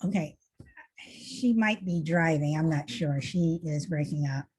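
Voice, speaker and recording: A woman's voice: low-pitched, unhurried, darkish tone, husky. A woman hosting an online discussion over a video call, patiently checking whether her caller can be heard.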